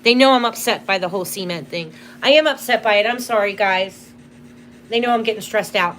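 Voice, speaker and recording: This time her voice is medium-pitched, brisk and fairly bright, with a little hiss or hum in the audio. The woman, a tarot reader hosting a live spirit box session, speaks to the spirits apologetically, emotion bringing her near tears.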